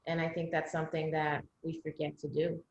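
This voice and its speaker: Lowish-voiced woman cohost, blunt, cusses a lot, chatty. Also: monotone, a little fast, creaky, a little hiss or hum. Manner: blunt, swears freely. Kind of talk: casual chat. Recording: echoey dull-sounding room recording.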